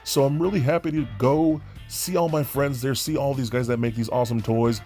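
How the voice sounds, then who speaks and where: A man reviewing action figures with excited, gushing enthusiasm, stumbling over fillers and restarts. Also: medium pitch, brisk, soft background music. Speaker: toy reviewer.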